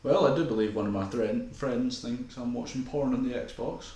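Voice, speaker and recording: A man co-hosting a casual podcast, joking and swearing and acting out quick lines from home. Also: mid-range voice, darkish tone. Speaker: podcast co-host. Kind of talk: casual chat over a viewing. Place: home room. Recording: echoey room.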